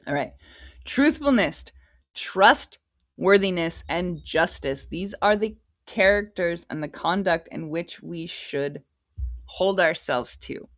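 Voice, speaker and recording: A woman with a low, creaky voice hosts a casual livestream where she reads scripture aloud. She giggles frequently, chats a lot, and often wanders off on tangents.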